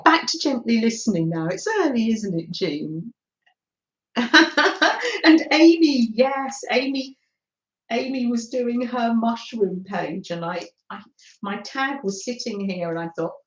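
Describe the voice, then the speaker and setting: A middle-aged woman hosting a live craft stream, chatting casually with viewers, greeting them by name and laughing often. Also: fairly high pitch. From Britain. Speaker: craft livestream host. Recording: slightly dull, roomy livestream audio.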